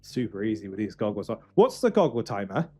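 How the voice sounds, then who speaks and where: A man streaming a game for charity in casual, joking chat, swinging from loud outbursts to quiet muttering. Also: lowish voice, very animated, quick pace, soft background music.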